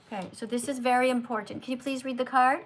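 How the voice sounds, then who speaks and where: A woman with a fairly high voice hosts a live stream on her phone. She speaks in an emphatic, earnest, lecturing way, addressing a guest and her viewers directly. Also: fairly even intonation, quick pace, slight background noise. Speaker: livestream host.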